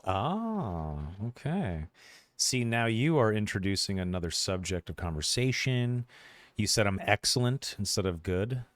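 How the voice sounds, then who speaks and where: A man's voice: lowish voice, very animated, a little slow, no echo. A man running a tabletop game on a stream, chatting playfully and teasing his players. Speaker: game master. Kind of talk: casual stream chat.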